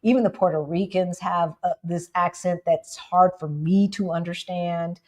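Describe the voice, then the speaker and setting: Woman, casual livestream co-host, slightly low pitch, chatty, keeps checking in with viewers, animated jumps in pitch for emphasis. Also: moderate pace. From United States. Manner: chatty, keeps asking "right?" and addressing viewers as "y'all".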